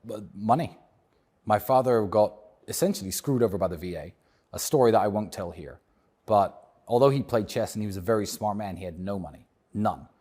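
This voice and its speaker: Husky-voiced British man, low and measured. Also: warm tone. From England. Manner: measured, reflective, outspoken. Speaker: guest. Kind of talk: casual interview talk.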